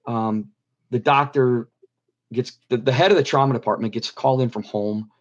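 A man's voice: medium pitch, fairly even intonation, moderate pace, lo-fi sound. A middle-aged man earnestly telling a personal story as an interview guest, repeating phrases for emphasis. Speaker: guest telling his near-death story.

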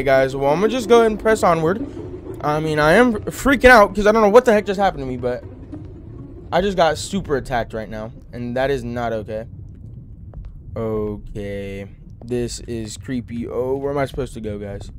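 A jumpy young man talking viewers through a horror game, his pitch swinging widely as he yelps in fright. There is a faint hum of ambience behind him. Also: fairly bright tone. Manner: jumpy, talks to viewers, yelps when startled. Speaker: gaming channel host.

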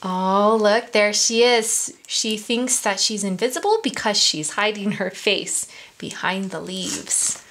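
A woman's voice: medium pitch, takes it slowly, few pauses, fairly bright tone, a little hiss or hum. A woman reading a picture book aloud to young children at story time. She speaks in a sing-song way, asks the children questions and drops into whispers for asides.

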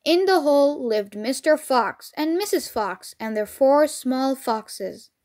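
High-voiced lady reading a kids storybook out loud, clear and expressive. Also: takes it slowly. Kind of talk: read-along storybook narration.

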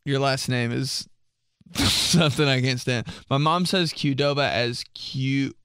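A man's voice: mid-range voice, slow, fairly bright tone, clear, resonant tone, no room sound, studio quality. A young man reading out viewer messages for a comedy vlog, mock-outraged and swearing, laughing often. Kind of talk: casual comedic commentary.

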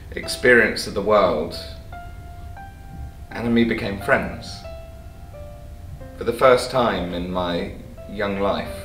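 A man tells a story on stage in a wry, lively voice, talking straight to the audience. His pitch moves a lot. He sounds roomy and set back from the mic, with faint music behind. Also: distant mic. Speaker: solo stage performer. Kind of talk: theatrical storytelling monologue.

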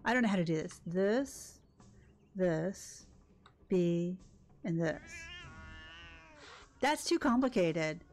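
A woman's voice: on the low side, lively intonation, slow, pauses often, darkish tone. An older woman hosting a gaming video, chatting casually and reacting emotionally as she plays. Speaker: gaming channel host. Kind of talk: casual let's-play commentary.

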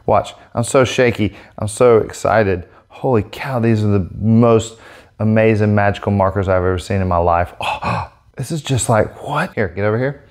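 A man hosting a casual product demo vlog, talking in an excitable, gushing way into a set-up microphone. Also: mid-range voice. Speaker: airbrush artist demonstrating markers.

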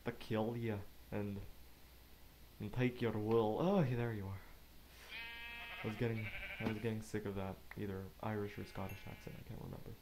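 Rambling low-voiced gamer, faint hiss. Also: male voice, steady tone. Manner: rambling, self-talking, quick asides. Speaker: gamer narrating gameplay. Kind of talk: casual let's play commentary.

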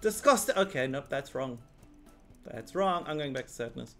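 A man giving rambling, swearing, excitable commentary while playing a video game. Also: mid-range voice, moderate pace, soft background music. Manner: rambling, excitable, swears often, laughs a lot. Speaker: gaming video host. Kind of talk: let's play commentary.

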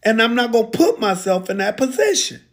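A proud, defiant pro football star, played by a man, unloads a profane, indignant rant. His voice sits high for a man, and he hits each point hard. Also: very animated, fairly quick, full character voice. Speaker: social media rant. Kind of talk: comedic impression monologue.

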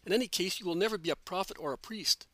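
A man voicing an old, sharp-tongued mother-in-law who nags and reproaches her son-in-law. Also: on the high side, a little fast, no room sound, close to an everyday voice. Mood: scolding. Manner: nagging, reproachful.

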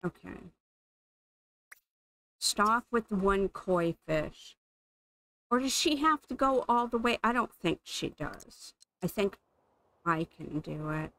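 Woman gamer, unhurried chatty play-by-play, some vocal fry. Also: medium pitch, animated, pushed and bright, no echo, poor audio. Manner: chatty, amused, thinking aloud while playing. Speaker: gaming channel host. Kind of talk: casual gameplay commentary.

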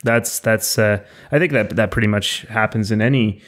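A man's voice: lowish voice, normal speed, fairly bright tone. A man co-hosting a podcast, talking over a poem in a thoughtful, reflective way. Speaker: podcast co-host. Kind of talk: casual discussion of a poem.

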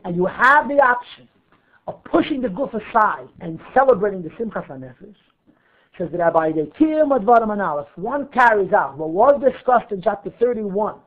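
A rabbi teaching a class, lively, weaving Hebrew terms into his English and asking himself questions to answer them. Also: high voice. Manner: animated, asks and answers his own questions. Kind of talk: Torah class lecture. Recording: narrow phone-like audio.

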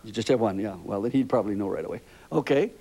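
An older man hosting a children's TV show, gently interviewing young kids in a chatty, rambling, fatherly way. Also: lowish voice, quick pace.

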